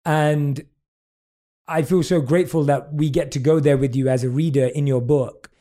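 A man's voice: on the high side, steady tone, moderate pace, warm tone. A British man interviewing a guest, effusive and full of praise, reading passages from her book aloud. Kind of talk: warm podcast interview.

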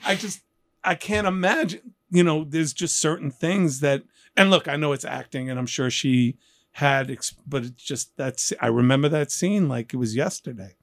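A man's voice: fairly high pitch, moderate pace, no echo, studio quality. A man in his fifties from New York hosting an interview podcast, chatting casually and joking, often acting out voices in his stories. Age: 50s. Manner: animated, jokey, acts out voices in his anecdotes. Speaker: podcast host.

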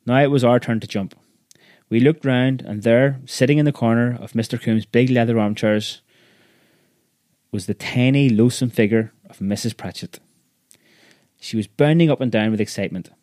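A man's voice: mid-range voice, darkish tone, dry recording. Man reading a story aloud, dry. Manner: measured, vivid storytelling. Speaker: narrator.

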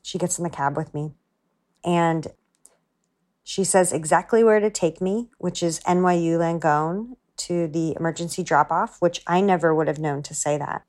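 A woman with a notably low voice recounts a personal story for a podcast. She speaks earnestly and from the heart, often slipping into her own inner thoughts. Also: moderate pace, darkish tone. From United States. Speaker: guest storyteller.

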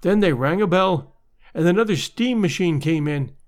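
A man reading a literary story aloud in measured, expressive audiobook narration. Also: sits high.

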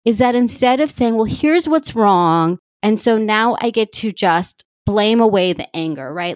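A woman's voice: mid-range voice, animated, measured pace, few pauses, no room sound. Candid woman life coach, dry close sound. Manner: open and confessional, emphatic repeats. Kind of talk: candid solo podcast talk.

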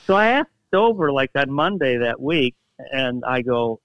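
An older man tells stories in a relaxed interview, jumping into animated quoted voices with plenty of halting restarts. The recording is dry and a little dull, with no room sound. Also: mid-range voice, no room sound. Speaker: guest storyteller, former team executive. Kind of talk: casual storytelling interview.

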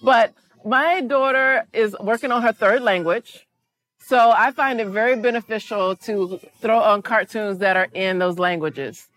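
Playful woman guest, bright voice. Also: on the high side. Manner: playful, loud exclamations, drawn-out greetings. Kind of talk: lively interview chat. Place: event space before a live audience.

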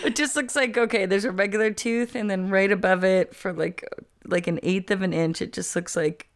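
Woman, podcast co-host, casual chat, teasing, animated. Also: medium pitch, moderate pace. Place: sitting on pillows on a bench.

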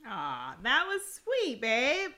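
A woman's voice: on the high side, huge pitch swings, slow, bright, forceful tone. A young woman, co-host with her husband, talking in a teasing, appreciative way in casual chat. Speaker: co-host, wife.

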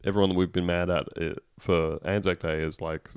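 Low-voiced wry man. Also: little pitch movement, fairly quick, smooth, no echo. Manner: dry, wry storytelling with laughs. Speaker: podcast co-host. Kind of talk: casual comedic chat.

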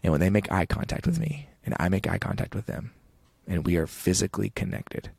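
A man's voice: sits low, big pitch swings, a little fast, creaky, darkish tone, breathy edge, no room sound. A man in his thirties, a podcast guest talking in an earnest, reflective way with frequent restarts. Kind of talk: podcast conversation.

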